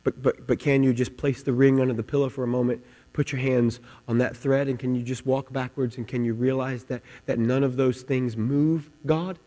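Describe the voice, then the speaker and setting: Impassioned preacher in a reverberant hall. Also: male voice, medium pitch, little pitch movement, moderate pace. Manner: impassioned, repeats words, swings from loud to hushed. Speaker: pastor. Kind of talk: sermon. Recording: long hall reverb, mains hum.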